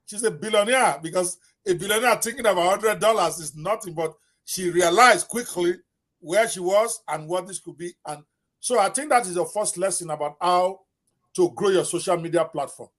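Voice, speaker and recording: Male podcast host with a high voice, hesitant and filler-heavy delivery. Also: normal speed, a bit bright. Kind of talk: interview hosting.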